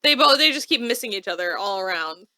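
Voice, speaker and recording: A woman co-host talks through a TV episode in relaxed, chatty fashion, full of "like" and asides. Her voice is bright and very lively in pitch. The sound is dry and close. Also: quick pace, no room sound. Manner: lively, animated retelling with frequent "like". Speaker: co-host recapping a TV show. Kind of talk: casual chat.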